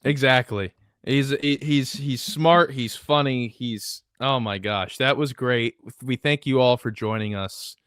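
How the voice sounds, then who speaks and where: A young man hosts the conversation with a bright, forward tone. He is eager and laughs easily. The sound is close and dry. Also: medium pitch, measured pace, smooth, no room sound. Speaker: podcast host. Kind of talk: casual chat.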